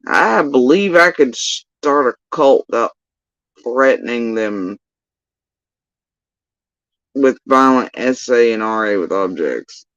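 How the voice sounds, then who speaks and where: A woman's voice: very deep voice, takes it slowly, long pauses, no room sound, dull audio. A woman hosting a livestream, ranting in casual, sarcastic and profane reaction commentary. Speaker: livestream host.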